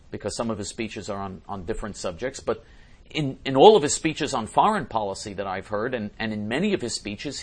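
A man giving a political commentary monologue, emphatic and repetitive, who often clears his throat. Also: medium pitch, a little mellow.

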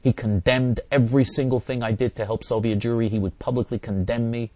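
Older guy doing a talk radio rant, keeps repeating himself hard, dead dry studio mic, middle pitch. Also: steady tone, fairly quick, a little mellow, no room sound. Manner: emphatic and repetitive, hammering points again and again. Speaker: talk show host. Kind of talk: talk radio monologue answering listeners.

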